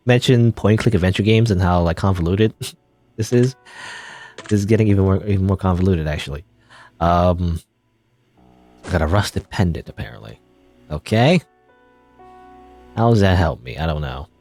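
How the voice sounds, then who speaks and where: A let's play gamer rambles through casual gameplay commentary, chuckling and interrupting himself as he thinks aloud. His voice is on the low side and a little mellow, with no echo.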